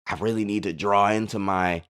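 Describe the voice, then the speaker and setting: Man doing a sulky young card player, self-pitying, smooth low voice. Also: fairly even intonation, moderate pace, a bit bright, lightly acted. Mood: glum. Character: dejected young male card-game opponent.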